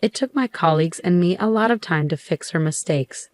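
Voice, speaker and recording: A middle-aged woman telling a first-person story in a steady, measured way. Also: on the low side, no echo. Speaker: narrator.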